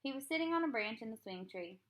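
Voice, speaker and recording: A woman reading a children's book aloud, with clear, unhurried storytelling. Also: a little high, animated. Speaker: reader.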